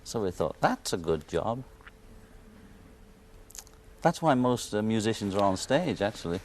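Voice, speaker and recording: A man's voice: lowish voice, very animated, measured pace, slight background noise. A man from Liverpool with a Liverpool accent, a musician guest joking wryly on a television interview. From Liverpool, England. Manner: wry, joking, laughs often.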